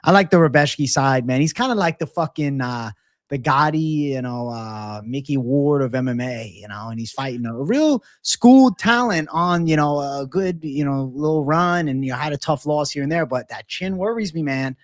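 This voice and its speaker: A man's voice: fairly high pitch, moderate pace, no room sound, clean studio sound. A man co-hosting a fight betting show, giving blunt predictions in casual, profane chat and reading out odds.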